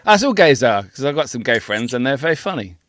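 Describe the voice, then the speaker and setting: A man's voice: medium pitch, big pitch swings, fast talker, a bit bright. A man co-hosting a podcast in casual banter. He is blunt and sweary and laughs easily. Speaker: podcast co-host.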